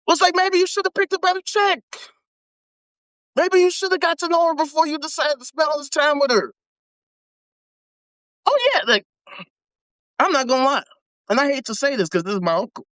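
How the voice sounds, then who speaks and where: High-pitched lady going off on her live, blunt, cussing a lot, dry close sound. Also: sing-song, brisk, fairly bright tone, no room sound. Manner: blunt, heated, swearing. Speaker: livestream host. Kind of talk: profane casual livestream rant.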